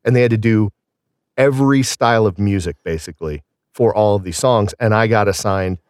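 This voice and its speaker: A man's voice: fairly low pitch, a little fast, no echo, studio quality. A man in his thirties or forties, a singer and voice actor, chatting casually and telling rambling, self-deprecating stories. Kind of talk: casual podcast chat.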